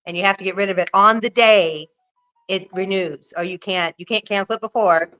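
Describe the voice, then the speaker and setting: Female co-host in her 40s, bright smooth tone, chatty and easygoing, dull lo-fi livestream audio. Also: medium pitch, fast talker, soft background music. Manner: chatty and easygoing, laughs often. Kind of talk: casual livestream chat.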